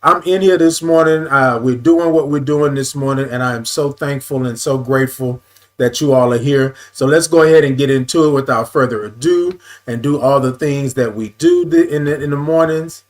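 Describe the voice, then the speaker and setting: A man running a laid-back morning live stream sings drawn-out greetings to viewers by name, using "y'all" often. He repeats himself and adjusts his camera mid-speech, in a medium-pitched voice.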